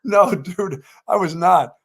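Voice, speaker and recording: An older man from North Carolina co-hosts a sports talk show with a slightly raised pitch. He tells a long, rambling story in easy conversation and throws himself into the quoted lines. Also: slow, fairly bright tone, slightly rough. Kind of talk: casual storytelling chat.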